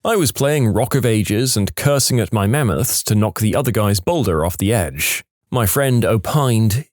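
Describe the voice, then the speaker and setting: A man narrating funny reddit stories in an expressive, storytelling way. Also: fairly low pitch, normal speed, hardly any pauses, no echo, studio quality.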